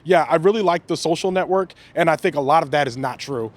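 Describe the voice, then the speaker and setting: A man's voice: on the high side, quick pace. A man hosting a podcast, chatting casually about a film, loose and rambling with lots of fillers. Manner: relaxed, rambling, lots of "like" and restarts. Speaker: podcast host. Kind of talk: casual movie review chat.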